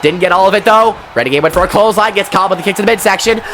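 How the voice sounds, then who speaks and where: A man giving casual, excitable wrestling commentary, chatty and quick to swear. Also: sits high, a little hiss or hum.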